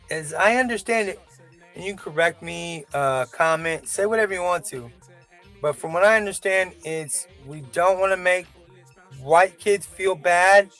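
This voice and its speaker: A man's voice: high voice, fairly bright tone. A man vlogging a casual opinion rant, rambling and profane, with frequent self-doubting asides.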